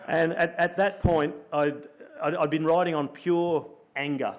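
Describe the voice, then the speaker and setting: Animated Australian man telling a race story. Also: on the high side, a little slow. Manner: animated storyteller, acts out his own thoughts in quoted asides. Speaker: guest speaker, former pro cyclist. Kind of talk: storytelling in a live interview. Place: luncheon event room.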